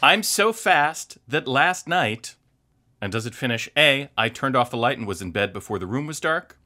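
A woman co-hosting a talk show, reading quiz options aloud in a teasing, lively way. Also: rumbling low, normal speed. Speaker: co-host.

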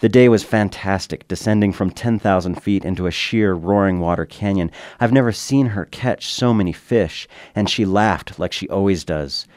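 A man, a radio commentator, reading a reflective personal essay in a measured, quiet storytelling manner. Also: deep voice, no room sound, studio quality.

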